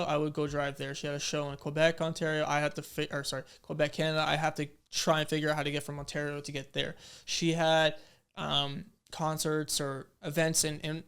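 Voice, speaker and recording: A young man recounting an old story while reacting to his own videos, talking casually with plenty of "like"s. His voice sits a little high and comes through smooth and clear. He gets animated and acts out the people in the story as he talks. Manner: animated storyteller, acts out quoted exchanges, many fillers.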